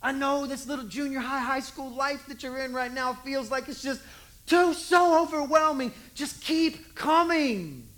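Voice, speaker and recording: A preacher doing Jesus, gently coaxing. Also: high voice, pitched above the performer's own voice. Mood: encouraging. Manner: coaxing, drawn-out repeated reassurances. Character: gentle encouraging Jesus, a grown man. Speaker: preacher acting out a scene.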